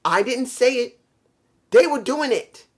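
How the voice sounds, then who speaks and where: A man's voice: very high-pitched, lively intonation, measured pace, breathy edge. A man giving a casual, opinionated review monologue. He rants bluntly, swears freely, and has a worn voice he calls messed up. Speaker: show reviewer.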